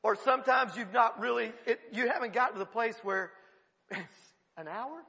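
A man who pastors a church gives a sermon full of humorous storytelling at a moderate pace. His bright, high, raspy voice carries plenty of animation, often dissolving into laughter mid-line, while the echo of a large hall stretches out behind it.

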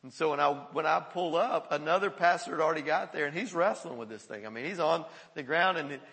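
A male pastor telling stories in a sermon, animated and often chuckling. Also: fairly high pitch, fairly quick, gravelly. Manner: animated storytelling with frequent chuckles. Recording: echoey hall.

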